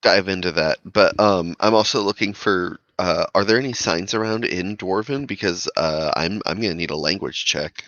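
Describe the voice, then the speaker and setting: A man's voice: low-pitched, normal speed, few pauses, a bit bright, no room sound, muffled recording. A man playing in a tabletop game, talking casually and asking questions. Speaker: player.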